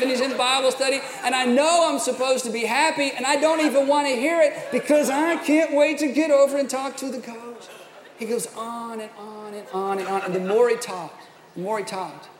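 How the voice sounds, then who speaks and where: A middle-aged man, a pastor, telling a personal story in a sermon with animated, self-mocking delivery. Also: very high voice. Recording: echoey hall, faint room noise.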